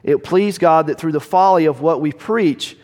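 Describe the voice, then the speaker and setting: A man preaching a sermon, slowing down to stress key words and dropping to a hush at the ends of lines, in a church sanctuary. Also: on the high side. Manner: slows down to stress key words, drops to quiet at line ends. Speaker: pastor. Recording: long hall reverb.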